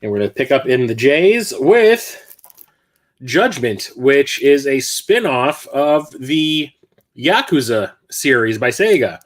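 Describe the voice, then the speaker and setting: A man's voice: mid-range voice, very animated, slow pace. A man hosting a casual live stream from his apartment, out of breath and rambling with frequent self-corrections. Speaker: host. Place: home apartment.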